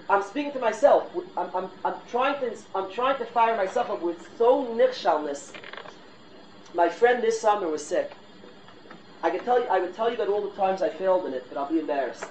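A middle-aged male rabbi delivers an exhorting sermon, peppering it with Hebrew and Yiddish terms. His voice sits a little high for a man. The recording is roomy and dull, with clear noise underneath. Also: lively intonation, moderate pace, a little mellow. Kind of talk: Torah class sermon.

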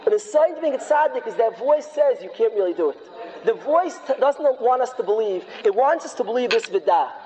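A man preaching an excitable, folksy sermon sprinkled with Hebrew and Yiddish terms. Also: very high voice, fairly quick. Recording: long hall reverb.

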